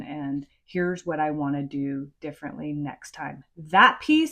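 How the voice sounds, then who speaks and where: Frank, low-voiced woman podcast host. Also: expressive, slow, fairly bright tone. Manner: conversational, frank, sometimes swears. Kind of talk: casual advice talk.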